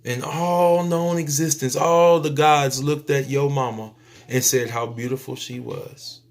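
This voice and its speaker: A man delivering a spiritual preaching monologue to his viewers, emphatic and repetitive, stretching out phrases and suddenly dropping to a soft near-whisper. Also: mid-range voice, steady tone, a little slow. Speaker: YouTube speaker.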